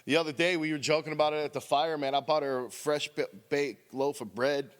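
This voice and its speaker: A man's voice: on the high side, steady tone, a little fast, clear, resonant tone. A man giving a candid, rambling share at a recovery meeting, often saying "man" and laughing as he talks. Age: adult with a wife and a daughter. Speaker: member sharing at a recovery meeting. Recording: long hall reverb.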